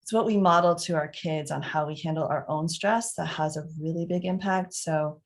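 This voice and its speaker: A middle-aged woman parenting coach answering parents' questions, who acts out calming scenes as examples and talks with many fillers and restarts. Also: sits low, moderate pace.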